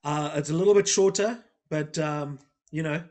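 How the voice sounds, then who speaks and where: A man with a high voice hosts a loose interview. He jokes around and tells stories with lots of energy. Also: normal speed. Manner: animated storyteller, jokey. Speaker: podcast host. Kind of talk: casual interview chat.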